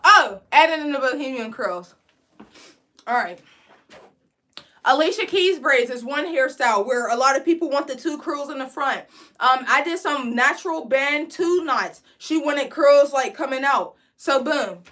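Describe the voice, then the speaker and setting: A woman's voice: sits high, lively intonation, measured pace, fairly bright tone. A young woman from Pittsburgh, hosting a casual live braiding tutorial and chatting with viewers as she reads their comments. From Pittsburgh, USA.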